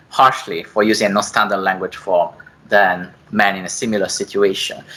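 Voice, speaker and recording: A man's voice: lowish voice, a bit bright, rough recording. A man giving an academic seminar presentation, hesitant, with frequent fillers and self-corrections. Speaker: academic speaker.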